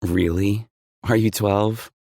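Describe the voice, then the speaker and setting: A man reading an audiobook, voicing a playful, teasing woman with a dry, deadpan wit. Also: lowish voice, slow, dry recording, voice pushed up.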